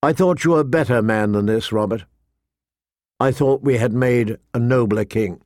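Man doing grave honorable lord, firm and measured, dry sound. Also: mid-range voice, a little mellow, no room sound, lightly acted. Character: stern honorable middle-aged male lord.

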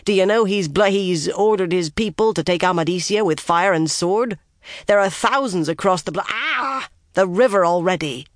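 A reader voicing a gruff, grim one-eyed male soldier who growls, talks bluntly and keeps biting back his curses. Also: mid-range voice, normal speed, lightly acted. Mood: incredulous.

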